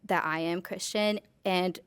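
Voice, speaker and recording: A woman's voice: fairly low pitch, fairly even intonation, measured pace, clean tone, no room sound. A young woman of college age, a podcast guest talking earnestly and casually, full of "like" and "you know". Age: young adult. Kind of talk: casual interview.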